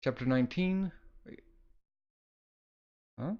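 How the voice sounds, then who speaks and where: A man's voice: medium pitch, slow, muffled recording. A man casually reading a comic aloud and reacting, loose and rambling with lots of fillers.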